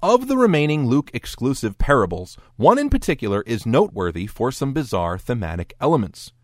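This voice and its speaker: A man's voice: mid-range voice, very animated, fairly quick, no room sound. A man giving scripted narration as a lecturer, explaining texts in a dry, wry tone and voicing quoted speech briefly.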